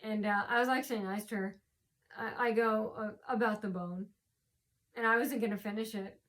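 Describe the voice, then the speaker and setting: A woman's voice: fairly high pitch, steady tone, brisk, a bit bright. A woman vlogger who is tired from lack of sleep, telling a rambling personal story full of fillers, restarts and repeated words.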